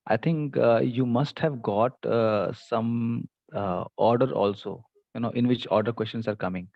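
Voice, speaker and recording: A man's voice: medium pitch, measured pace, creaky, dry recording, highs cut off. A man teaching an online English class, explaining patiently with many fillers. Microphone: computer mic on video call.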